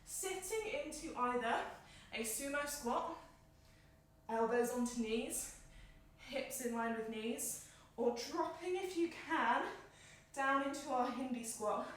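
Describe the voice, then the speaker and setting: A yoga instructor takes it slowly as she guides a flow, her high, light voice giving calm, encouraging cues tied to the breath. She's slightly winded, and the recording comes from a few steps away in an echoey, bare room.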